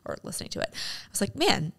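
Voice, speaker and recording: A woman's voice: lowish voice, a little fast, fairly bright tone. A woman co-hosting a casual movie podcast, chatty and laughing often as she acts out little quotes. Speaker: podcast co-host.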